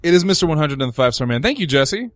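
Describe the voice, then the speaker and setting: A man's voice: a little high, very animated, rapid-fire, no echo, clean studio sound. A man hosting a casual radio talk show, telling rambling, self-deprecating stories.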